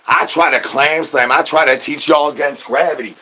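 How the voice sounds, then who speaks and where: A man doing an absurd comedy rant to his chat, spilling rhyming nonsense patter with rapid stuttered repetitions. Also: fairly high pitch, sharp tone, slight background noise. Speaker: streamer.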